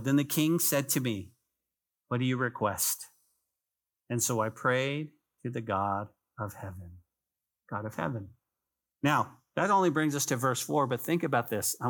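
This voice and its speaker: A man's voice: mid-range voice, a bit bright. A man preaching a conversational sermon as pastor, repeating phrases for emphasis and speaking to the congregation as "guys".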